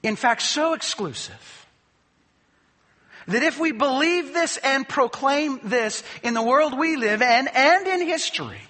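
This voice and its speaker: Pastor guy preaching, real high crisp voice, emphatic, lots of "right?" questions, big echoey hall. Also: animated, unhurried, pushed and bright. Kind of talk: sermon. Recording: long reverb of a large hall.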